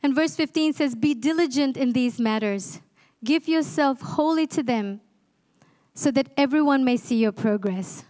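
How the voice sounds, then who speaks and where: A woman's voice: sits high, a little slow, a little mellow. A woman in her forties preaching a sermon, passionate and exhorting, asking the congregation rhetorical questions. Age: 40s. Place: church.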